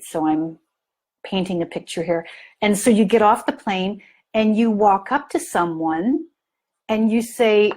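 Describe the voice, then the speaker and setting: A middle-aged woman leads a parent training session in an unhurried, measured delivery. She tells stories with animation, jumping into little voices for the people in them. Her pitch sits in the middle range. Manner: animated storytelling, acts out scenes in lively voices. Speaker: parent coach. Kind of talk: live training talk to an online audience.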